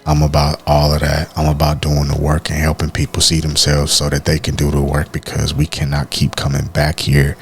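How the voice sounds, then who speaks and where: A man with a very deep, low voice speaks with earnest, heartfelt candor as a podcast co-host. He opens up about personal matters and keeps calling the listener "man". Soft music sits faintly in the background. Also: monotone, a little fast, few pauses. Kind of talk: candid personal talk.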